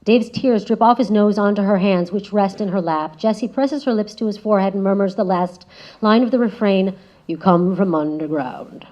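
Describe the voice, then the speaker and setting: A woman delivers a prepared talk as a guest speaker, her pitch sitting in a middle range. She speaks in a measured, reflective way, often letting phrases fall softer at their ends. The recording sounds a little dull and lo-fi. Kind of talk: prepared spoken essay. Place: lecture room. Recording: slightly dull lo-fi audio.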